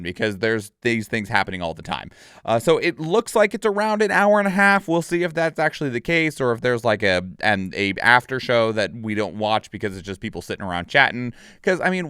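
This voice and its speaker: A man's voice: mid-range voice, fairly bright tone, clean tone, no room sound, clean studio sound. A man giving casual, rambling reaction commentary as a streamer. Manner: rambling and offhand.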